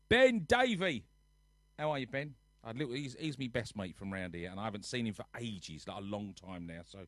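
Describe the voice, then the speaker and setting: A man's voice: mid-range voice, dry recording. A man, hosting a nightly livestream from his sofa at home, chatting casually and reading out viewers' names with jokes between them. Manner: chatty, jokey, reads out viewers' names one by one.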